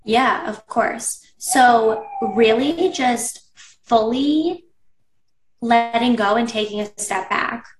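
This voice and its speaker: A woman's voice: on the high side, slow pace, distant mic, background noise. A woman business coach chatting casually in an interview, saying "like" often and acting out her past thoughts. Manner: chatty, says "like" a lot, acts out her own past thoughts. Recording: echoey room, voice a bit off-mic.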